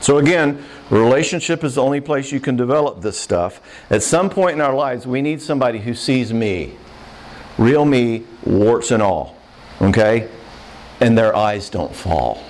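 A man's voice: mid-range voice, expressive, moderate pace, a little mellow. Earnest man giving a heartfelt talk. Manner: earnest, conversational, emotional at times. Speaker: Christian speaker on marriage and forgiveness. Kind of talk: sermon-style talk.

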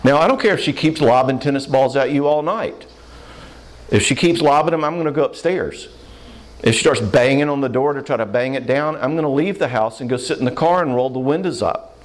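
A man counseling a live audience in a Q&A, plainspoken and animated, acting out short quoted voices. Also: medium pitch, fairly quick. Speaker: counselor answering audience questions.

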